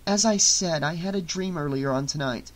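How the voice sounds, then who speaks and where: A man's voice: fairly high pitch, normal speed, natural voice. A man reading an audiobook, voicing an anxious young woman who speaks earnestly and fretfully. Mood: worried.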